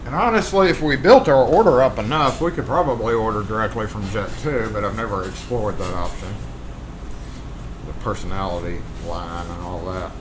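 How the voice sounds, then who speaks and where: A man's voice: fairly low pitch, moderate pace. A man with a Southern US accent hosting a casual locksmith livestream, rambling and muttering to himself as he works and chats with viewers. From Southern United States. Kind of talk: casual livestream chat while working. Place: locksmith shop workroom. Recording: roomy echo with background noise.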